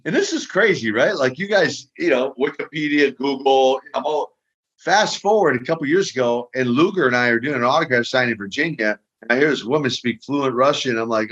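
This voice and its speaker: An older man, a guest on an interview show, telling lively stories and often repeating his words as he goes. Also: medium pitch, brisk. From Minneapolis, US Midwest. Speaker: guest, retired pro wrestler. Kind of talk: casual storytelling interview. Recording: dull lo-fi audio.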